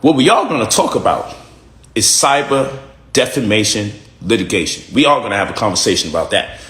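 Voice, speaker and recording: A man's voice: on the low side, a bit bright, roomy sound. A man making an emphatic recorded statement and repeating key phrases for effect.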